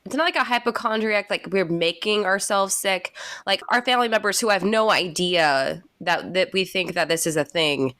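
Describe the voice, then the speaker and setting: A woman's voice: mid-range voice, normal speed, a bit bright, dry recording, studio quality. Stuffy-nosed woman chatting. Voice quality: stuffy, plugged nose. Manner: chatty, laughing storyteller. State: sick with a cold. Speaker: podcast co-host. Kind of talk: casual chat.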